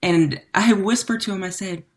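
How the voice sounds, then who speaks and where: A woman's voice: medium pitch, normal speed, a little mellow. A woman hosting an interview, casually chatting and supporting her guest with short affirmations. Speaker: interviewer, host.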